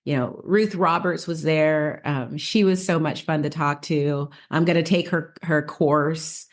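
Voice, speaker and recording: A woman with a notably low voice co-hosts a relaxed podcast. She tells stories in a chatty, rambling way, often restarting her sentences and laughing along. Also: a little slow. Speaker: podcast co-host. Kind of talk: casual podcast chat.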